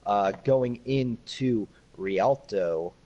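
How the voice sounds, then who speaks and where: Male esports caster, fairly low voice, relaxed and dry-humored play-by-play. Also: very slow, dull audio. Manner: laid-back, dry joking. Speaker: esports commentator. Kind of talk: casual live esports commentary.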